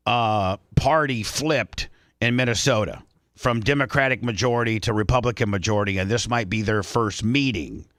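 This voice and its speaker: A man's voice: on the low side, pushed and bright, no echo, studio quality. A male radio host giving opinionated, rambling commentary in a casual talk show.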